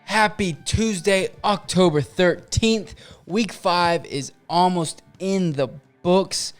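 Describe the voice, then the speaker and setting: Male podcast co-host, casual and talkative, with a clean, slightly higher voice. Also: takes it slowly, clean tone, soft background music. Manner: upbeat, chatty, laughs easily. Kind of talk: casual sports chat.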